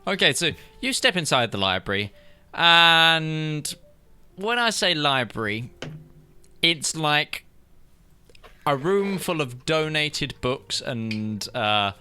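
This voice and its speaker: A man's voice: on the high side, sing-song, slow, sharp tone, a little hiss or hum. A man running a tabletop horror game as game master, narrating scenes unhurriedly with frequent fillers.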